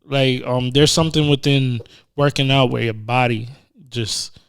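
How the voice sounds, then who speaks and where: A man co-hosting a casual podcast, talking in a relaxed way with lots of fillers and restarts. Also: mid-range voice, measured pace, clean tone. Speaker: podcast co-host. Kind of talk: casual chat.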